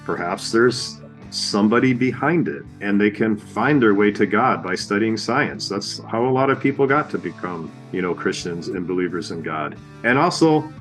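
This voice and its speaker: A man co-hosting a podcast, talking earnestly and conversationally, laying out his points one by one. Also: fairly low pitch. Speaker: podcast co-host. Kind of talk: casual chat.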